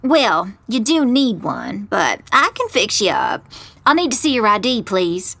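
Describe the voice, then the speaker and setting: A woman voicing a harassed, graying receptionist who softens into a cautiously maternal tone, in an audio drama. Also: medium pitch, big pitch swings, unhurried, vocal fry, no room sound, exaggerated voice.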